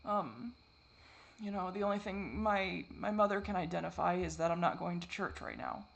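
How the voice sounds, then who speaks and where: Speaking with vocal fry in a voice that sits high, the man records a confessional vlog full of hesitations, repetition and frequent profanity. He alternates between being upset and quietly, wryly putting himself down.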